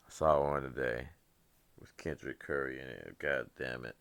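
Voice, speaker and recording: A young man with a very deep, rumbling voice and a gravelly edge rants through a casual podcast monologue. He rambles, swears freely and laughs at his own jokes. The sound is dry and close, with no room echo. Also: steady tone, normal speed, a bit bright. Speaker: podcast host.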